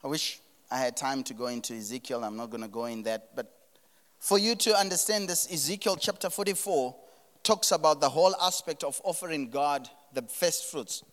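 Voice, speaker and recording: A man's voice: on the high side, moderate pace, a bit bright, big-room sound. A man preaching a sermon, building emphasis and repeating words as he drives his points. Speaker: pastor.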